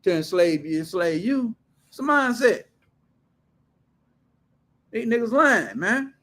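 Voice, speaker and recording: A man hosting his own show, ranting casually in a loud, blunt, profane way with heavy slang. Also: high-pitched, expressive, slow. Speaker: show host.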